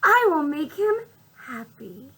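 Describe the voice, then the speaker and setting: A woman voicing Piggy, an eager little girl pig in a storybook, with a bright sing-song voice. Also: sits high, big pitch swings, slow, voice pushed up, exaggerated voice, low-quality recording.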